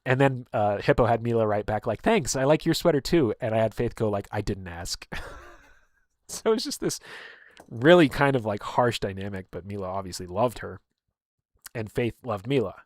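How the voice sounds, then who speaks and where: A man's voice: on the low side, normal speed, dry recording, clean studio sound. A man telling stories in casual chat, rambling with many fillers and openly emotional. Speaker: streamer and game player.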